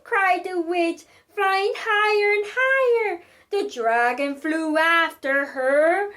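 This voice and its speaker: A woman telling a picture-book story to children in a very high, lively, sing-song voice. She reads very slowly, stretching the rhymes and making the sounds of the story.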